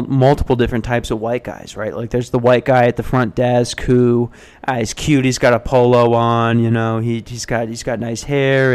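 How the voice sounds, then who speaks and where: Rambling young American man telling stories. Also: smooth. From United States. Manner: rambling, self-deprecating, jumps into high mock voices. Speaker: podcast host. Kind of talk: solo casual podcast storytelling. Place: hotel front desk.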